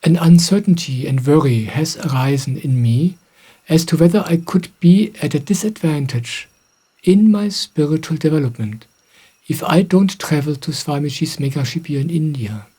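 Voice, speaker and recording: A middle-aged man, a spiritual teacher, calmly answering questions in a gentle, reflective way. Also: on the high side, normal speed, husky. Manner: gentle, reflective, soft-spoken. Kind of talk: calm satsang answering questions.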